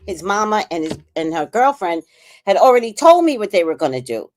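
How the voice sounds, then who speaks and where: A woman's voice: mid-range voice, big pitch swings, fairly quick, darkish tone, a little hiss or hum. A middle-aged woman and grandmother hosting a casual livestream chat, talking bluntly with profanity and telling family stories. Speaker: livestream host.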